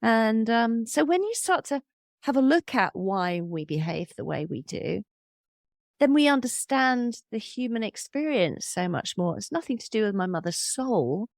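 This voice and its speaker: A woman in her fifties, a podcast host and medium, telling personal stories in a candid, thoughtful way with soft laughs. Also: fairly high pitch, sing-song, a little slow, vocal fry, no room sound, clean studio sound. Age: 50s. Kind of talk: reflective interview conversation.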